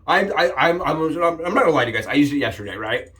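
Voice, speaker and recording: A man hosting a casual shaving vlog, upbeat and jokey, rambling with frequent restarts and sudden excited jumps in pitch. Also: fast talker. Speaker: shaving channel host. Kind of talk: casual shave demonstration vlog.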